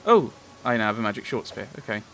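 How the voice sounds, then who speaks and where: A man's voice: lowish voice, sing-song, fast, bright, forceful tone, slight background noise. A man casually commentating his game playthrough, rambling with lots of restarts. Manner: rambling, chatty, many fillers and restarts. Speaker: let's play host.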